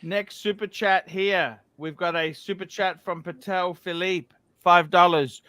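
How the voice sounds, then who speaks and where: A man's voice: sits high, fairly even intonation, measured pace, few pauses, bright, forceful tone, no echo. A man hosting a casual livestream, reading viewer messages aloud with enthusiasm. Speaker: livestream host.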